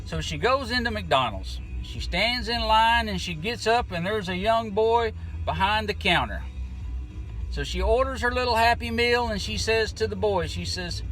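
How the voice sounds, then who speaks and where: A man's voice: high voice, expressive, measured pace, pushed and bright, soft background music, rough recording. A man hosting his own vlog, telling a joke in a folksy, chatty drawl.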